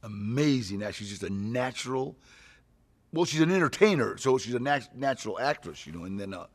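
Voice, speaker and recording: A man's voice: mid-range voice, lively intonation, brisk. A man, an actor, chatting casually in a press interview, telling rambling anecdotes with frequent "you know" and chuckles. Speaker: actor promoting a film.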